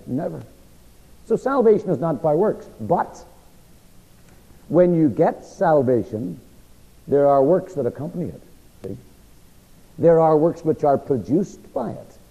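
Lively preacher with a frog in his throat. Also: a little high. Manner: asks the audience to fill in words. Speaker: preacher teaching a Bible class. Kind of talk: sermon-style Bible teaching. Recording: lo-fi recording with long hall reverb.

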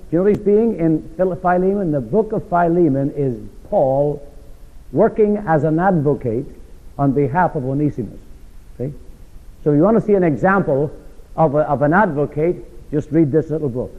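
A man with a fairly high voice preaches a sermon, firing rhetorical questions at the congregation and swinging between loud stresses and quiet asides. His voice rings through a large hall with a long echo. The sound is thin and tinny, like a phone line.

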